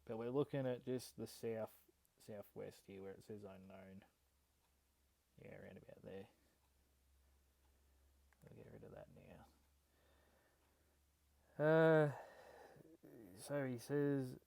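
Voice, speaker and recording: A man's voice: medium pitch, measured pace, gravelly, pauses often, mellow, dry recording, rough recording. An Australian man hosting a gold prospecting vlog, reading an old letter aloud in a casual, hesitant way with many ums and restarts.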